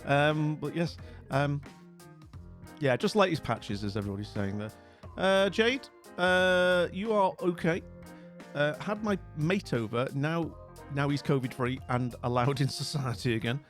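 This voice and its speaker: A middle-aged man hosts a livestream, chatting with viewers in a jovial, rambling way full of fillers. His voice sits fairly high for a man. Faint music plays behind him. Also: a little slow. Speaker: livestream host. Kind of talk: casual chat with live viewers.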